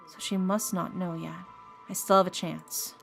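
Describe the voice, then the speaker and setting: A woman's voice: on the low side, steady tone, normal speed, vocal fry, fairly bright tone, soft background music. A woman voicing the young male lead of a mystery game, giving him a cowboy-style drawl. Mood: tense.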